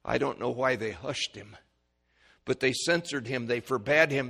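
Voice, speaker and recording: Bright-voiced preacher with shouting bursts. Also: male voice, mid-range voice, normal speed, vocal fry, husky. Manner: dramatic swings from quiet to shouting. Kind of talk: sermon.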